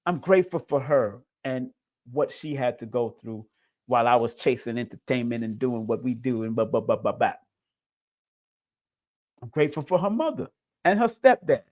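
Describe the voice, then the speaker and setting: A man's voice: mid-range voice, expressive, moderate pace, a little mellow. Emotional preachy man, livestream host. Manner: preachy, emotional, addresses viewers as family. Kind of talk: spiritual livestream talk.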